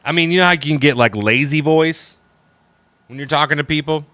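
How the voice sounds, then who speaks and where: A man's voice: a little high, brisk, pushed and bright, dry recording. A man co-hosting a casual band podcast from Georgia, teasing and cursing as he chimes in. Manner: interjecting, profane, teasing. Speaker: band member and podcast co-host. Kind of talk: casual banter.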